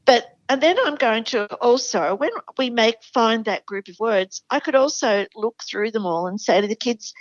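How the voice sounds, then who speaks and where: A woman's voice: fairly high pitch, moderate pace, hardly any pauses, no room sound, muffled recording. An Australian woman, a literacy educator, explaining classroom spelling enthusiastically in a podcast chat. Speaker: literacy educator, show regular. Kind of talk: conversational podcast interview.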